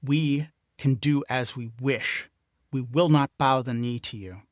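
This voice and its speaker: A man's voice: mid-range voice, a little slow, no echo, studio quality, lightly acted. A man voicing a stressed, defiant spacefarer who refuses to back down. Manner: tense and defiant.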